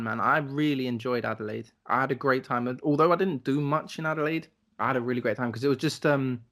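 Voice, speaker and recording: Young male podcast co-host, middle pitch, easygoing rambling storyteller who swears casually. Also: fairly bright tone. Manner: laid-back storytelling, swearing, acts out voices. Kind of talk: casual chat.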